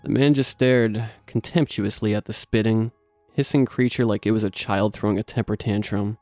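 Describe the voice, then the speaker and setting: A man narrating a horror story in a steady, measured read. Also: lowish voice, no echo, faint music behind.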